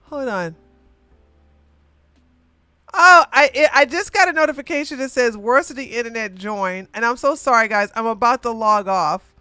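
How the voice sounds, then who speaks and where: A woman hosting a casual livestream commentary, chatty and quick to laugh, with animated bursts. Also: on the high side, smooth, no echo, soft background music.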